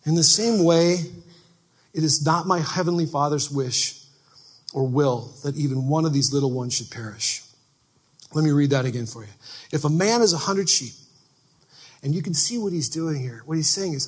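Husky-voiced man preaching a lively sermon. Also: fairly high pitch, moderate pace. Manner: conversational and animated, acting out everyday people. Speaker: pastor.

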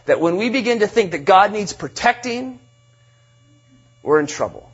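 A middle-aged male pastor delivers a sermon in a fairly high, husky voice. He talks in an animated way, restarting phrases often. The recording sounds a bit dull and muffled. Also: moderate pace, long pauses.

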